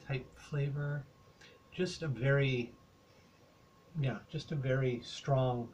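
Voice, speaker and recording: A man's voice: mid-range voice, slight background noise. An older man with a Canadian accent, talking through a casual rambling beer review, full of hesitations and fillers.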